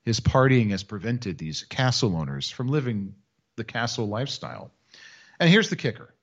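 A man's voice: medium pitch, very animated, moderate pace, dull audio. A man co-hosting a casual podcast, telling a news story with mocking sarcasm. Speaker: podcast co-host. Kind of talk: casual chat.

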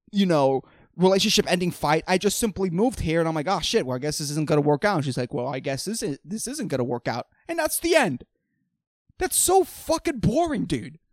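A young man rants alone into a close, dry microphone, cursing constantly as he riffs. His pitch leaps all over the place, loud bursts dropping into low, muttered asides. Every few words he adds a swear word as filler. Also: dry recording. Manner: profane, ranting, swings from loud outbursts to mumbled asides. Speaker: podcast host. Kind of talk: solo comedic rant.

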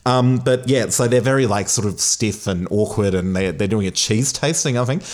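A man from Australia, hosting a casual film review chat with relaxed, hesitant restarts. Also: fairly low pitch, normal speed.

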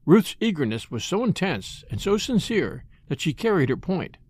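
A man narrating an audiobook in an expressive, deliberate way. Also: sits high, slightly rough, no room sound. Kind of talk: dramatic audiobook reading.

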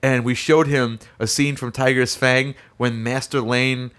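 A young man in casual chat, telling a lively story and acting out the voices of people in it. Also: mid-range voice, a little slow. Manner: animated, acts out voices in stories.

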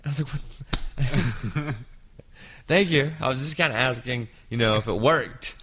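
A man in his fifties hosting a casual chat, telling an anecdote with lively jumps into quoted voices. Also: medium pitch, unhurried, slight background noise. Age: 50s.

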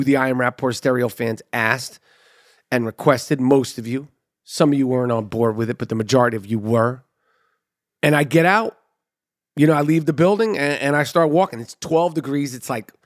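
A man's voice: medium pitch, no room sound. Male podcast host, casual and profane, acts out every quote, dry close sound. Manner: profane, animated retelling with quoted dialogue. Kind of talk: casual storytelling monologue.

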